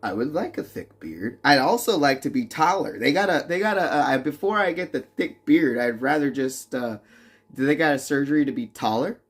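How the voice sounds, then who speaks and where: A young adult man with a husky voice on the high side talks briskly and animatedly. Reading chat during a casual livestream, he teases his viewers with profane jokes and laughs frequently.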